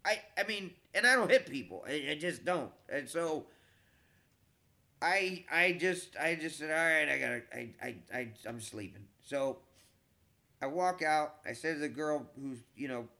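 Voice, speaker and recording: A middle-aged man, a comedian, telling a long story in a casual, animated, profane way, with frequent stammered restarts. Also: on the high side, normal speed.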